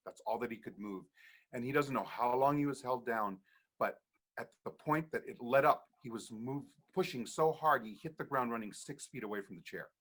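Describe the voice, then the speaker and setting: A man with a bright, forceful voice tells a ghost story in a relaxed podcast chat. He is animated, often laughing, and acts out the people in his tale. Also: medium pitch, moderate pace. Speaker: podcast guest, horror storyteller. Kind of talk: casual storytelling.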